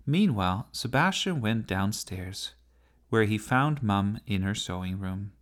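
A man narrating a children's story with a gentle, unhurried reading style. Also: on the low side, expressive.

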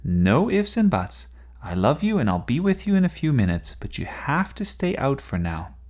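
A man's voice: medium pitch, sing-song, moderate pace, darkish tone, pitched above the performer's own voice. A man doing a busy, flustered dad. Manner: firm but kindly, a little flustered. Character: busy, distracted middle-aged father.

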